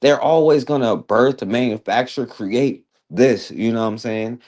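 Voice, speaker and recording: A man's voice: mid-range voice, a little slow, darkish tone. A man hosting a talk show, casually commenting on a video clip in a loose, slangy way.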